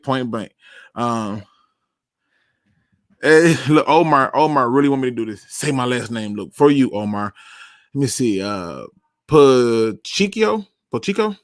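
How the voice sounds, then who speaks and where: A man hosting a casual sports talk livestream, animated and self-deprecating, with a loose slangy delivery. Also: medium pitch, no room sound, studio quality. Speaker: podcast host.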